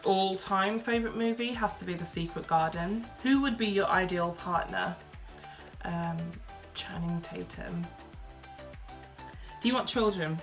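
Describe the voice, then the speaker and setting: A young woman from Birmingham with a softened Brummie accent, chatting casually through a Q&A vlog, reading each question aloud and answering with lots of ums and likes. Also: fairly low pitch. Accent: Birmingham English, softened. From Birmingham, England. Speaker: vlogger.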